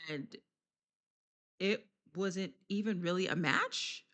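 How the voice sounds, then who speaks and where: A woman giving a casual, chatty wrestling recap vlog, laughing often and filling pauses with slang and ums. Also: fairly low pitch, a bit bright.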